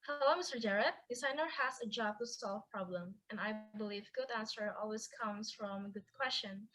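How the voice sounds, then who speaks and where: A woman's voice: a little high, moderate pace, a bit bright, rough recording. A woman moderating a session, politely reading audience questions aloud.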